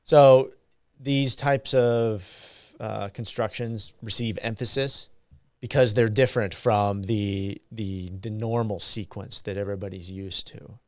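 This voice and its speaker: A man giving a university grammar lecture, slow and halting with frequent ums and uhs. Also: on the low side, fairly even intonation, no room sound, clean studio sound.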